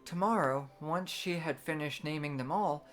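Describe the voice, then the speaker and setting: A woman with a lowish voice reads a storybook aloud, gentle and measured, as if at bedtime. Soft game music hums faintly behind her. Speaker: streamer.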